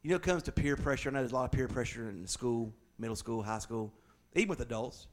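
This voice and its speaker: This middle-aged man preaches as if in conversation, joking one moment and hammering his points the next with bursts of loud emphasis. He talks quickly, at a medium pitch with lively intonation.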